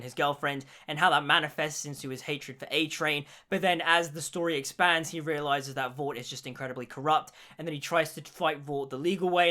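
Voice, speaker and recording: A man's voice: fairly high pitch, fairly bright tone. A young man giving an enthusiastic spoken review of a TV series, gushing with praise. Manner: gushing, repeats "genuinely". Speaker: show reviewer.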